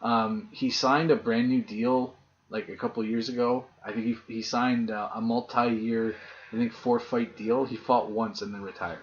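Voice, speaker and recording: A man co-hosting a casual podcast, telling stories with lots of swearing and animated retelling. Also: medium pitch, moderate pace. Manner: profane, animated storyteller. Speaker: podcast co-host. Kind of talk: casual chat. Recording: dull lo-fi podcast audio.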